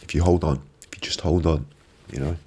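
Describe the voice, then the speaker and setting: A man's voice: very deep voice, fairly even intonation, a little fast, dark tone, slightly rough. A man hosting a live stream, giving a reflective motivational talk on a binaural microphone and repeating phrases for emphasis. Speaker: ASMR live-stream host.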